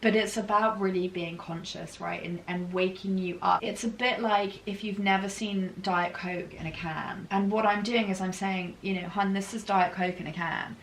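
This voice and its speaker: A woman's voice: medium pitch, steady tone, normal speed, few pauses. A woman life coach talking in an upbeat, emphatic way, often adding "right?" to her points. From England. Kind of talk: conversational interview. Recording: echoey room with faint noise.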